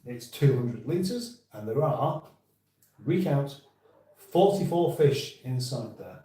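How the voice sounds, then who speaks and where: A man's voice: medium pitch, expressive, takes it slowly, mellow, far from the mic. A man hosting a casual live chat and reading viewer comments aloud, rambling and self-interrupting with dry humour, recorded in an echoey room. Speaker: livestream host.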